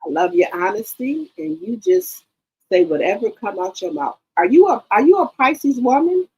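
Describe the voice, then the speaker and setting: A woman in her sixties hosting a casual live stream, reading viewer comments aloud in an animated, profane way and repeating herself. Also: fairly high pitch, normal speed, slightly rough, rough recording. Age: 60s.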